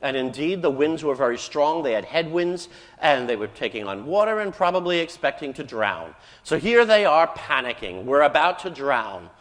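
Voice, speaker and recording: A man's voice: fairly high pitch, big pitch swings, moderate pace, fairly bright tone. A man preaching a sermon as a priest, telling the story vividly and raising his voice for the quoted lines. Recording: church hall reverb.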